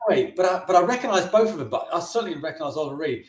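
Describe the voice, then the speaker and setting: A man's voice: on the high side, animated, very fast, echoey room. A filmmaker being interviewed, a man telling a long anecdote casually, often restarting his sentences and briefly mimicking the people in his story. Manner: chatty, with frequent restarts and brief put-on voices for the people in his stories.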